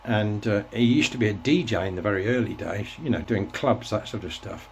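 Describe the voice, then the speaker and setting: Reminiscing on his show, this sixties-aged host talks in a casual, meandering way, restarting often as he reflects. His voice is lowish, a little mellow and a little fast, over a slight hiss or hum.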